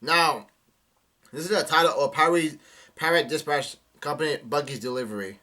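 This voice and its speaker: A man's voice: fairly high pitch, moderate pace, sharp tone. A young man doing a casual live reaction to a manga chapter, reading the dialogue aloud with many fillers and restarts.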